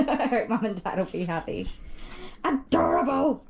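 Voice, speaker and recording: A woman's voice: a little high, lively intonation, moderate pace, a little mellow. An Australian woman, a dog groomer, chatting on a live stream and gushing over dogs in baby talk. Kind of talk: casual live-stream chat. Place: small grooming shed with dogs. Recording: noisy room with clippers and dogs.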